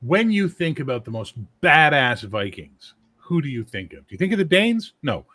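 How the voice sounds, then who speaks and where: Blunt husky-voiced man telling stories. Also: a little high, very animated, moderate pace, sharp tone. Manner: blunt, profane, storytelling with acted-out quotes. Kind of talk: casual chat.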